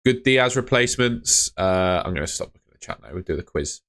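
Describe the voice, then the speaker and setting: Low-voiced laid-back man streaming. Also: expressive, brisk, a bit bright. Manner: laid-back, chatty, reads viewer messages aloud. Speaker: fantasy football streamer. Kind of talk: casual live-stream chat reading comments.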